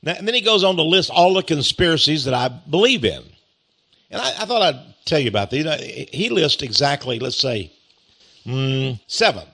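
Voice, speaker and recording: Chuckling Texan man, lively sarcastic drawl. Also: fairly high pitch, normal speed, gravelly. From East Texas. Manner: chuckling, drawling, sarcastic, repeats phrases with mock pride. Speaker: host. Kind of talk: monologue reading and mocking a critical article.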